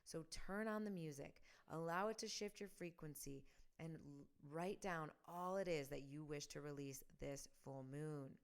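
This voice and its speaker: Woman, podcast host, low smooth voice, upbeat and encouraging. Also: normal speed. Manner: enthusiastic, affirming, leads listeners in repeated affirmations. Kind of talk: spiritual podcast talk.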